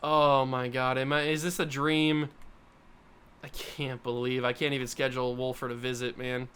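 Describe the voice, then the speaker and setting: Young male gaming host, smooth clear tone, excitable and self-deprecating running commentary. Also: medium pitch, normal speed. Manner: excitable, self-mocking, swings between groans and yelps. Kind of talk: casual gameplay commentary.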